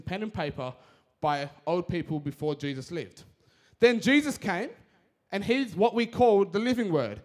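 A young man giving a casual, energetic sermon, talking fast with slang. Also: sits high.

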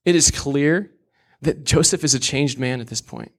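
A man's voice: medium pitch, moderate pace. A young man preaching a sermon in an earnest, candid way, with casual asides.

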